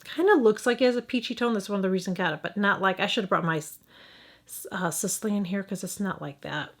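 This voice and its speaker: Speaking quickly in an ordinary mid-pitched voice, a middle-aged beauty vlogger with a Midwestern American accent walks through a makeup review conversationally. She thinks out loud, hesitates and trails off, then restarts and corrects herself often.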